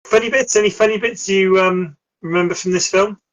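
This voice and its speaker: A man's voice: high voice, fairly even intonation, a little fast, a bit bright, rough recording. A middle-aged man, chatting casually about films as a podcast host, with lots of fillers and frequent laughs. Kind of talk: casual film chat.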